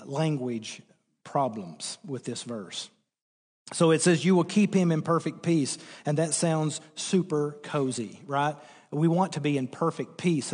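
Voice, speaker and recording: A man preaching a sermon, earnest and emphatic, repeating key words and pausing on fillers as he explains a verse. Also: a little high, darkish tone, breathy edge, long reverb tail. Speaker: pastor.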